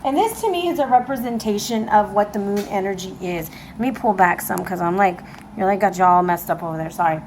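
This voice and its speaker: A woman giving a casual tarot reading to camera, excitable and emotional, talking straight to her viewers. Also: mid-range voice, a little fast, a little hiss or hum, low-quality recording. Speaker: tarot reader. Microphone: camera mic.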